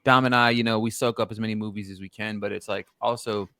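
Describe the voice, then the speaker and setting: A man's voice: fairly low pitch, steady tone, fast talker, sharp tone, no room sound, clean studio sound. Man hosting a chatty podcast. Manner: rambling, repeats words. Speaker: podcast host. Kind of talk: casual chat.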